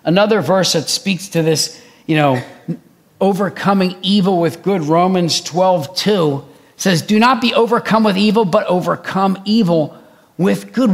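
A man preaching a sermon, talking fast and animated as he reads and explains scripture. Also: sits high, gravelly.

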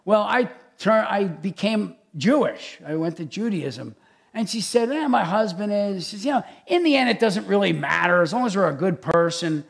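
A man who is a pastor, preaching a conversational sermon in an animated, chatty way with many asides. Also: high voice, normal speed, gravelly.

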